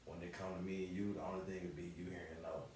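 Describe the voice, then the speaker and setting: A man's voice: deep voice, level tone, fast. A man co-hosting a podcast with his wife, laid-back and teasing in casual chat. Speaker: podcast co-host, husband. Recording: echoey room, distant mic, faint noise.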